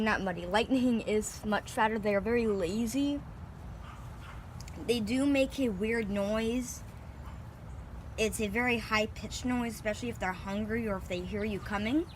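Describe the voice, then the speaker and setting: Her voice is on the high side, with a little hiss or hum on the recording. She's a young woman vlogging casually from her backyard on a handheld phone, chatting informally about her guinea pigs with plenty of fillers and sweet baby talk aimed at them.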